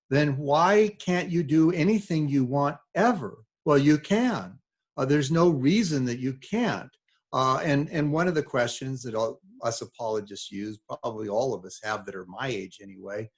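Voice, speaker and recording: A man's voice: mid-range voice, creaky, husky. An older man giving a talk to students, telling stories with quoted dialogue in a conversational, emphatic way. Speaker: speaker at a talk. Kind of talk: lecture to students.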